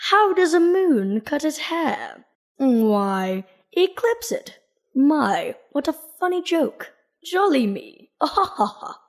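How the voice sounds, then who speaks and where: A woman putting on a British accent to tell a jolly dad joke in an exaggerated, high, slow way. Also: sing-song, heavily acted. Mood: hammy. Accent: put-on British.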